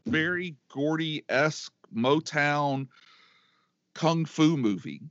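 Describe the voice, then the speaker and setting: A man's voice: fairly high pitch, slow pace, a bit bright, dry recording. A middle-aged man co-hosting a podcast in casual chat, rambling and enthusiastic, with many restarts. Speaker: podcast co-host. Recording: dry, dull lo-fi sound.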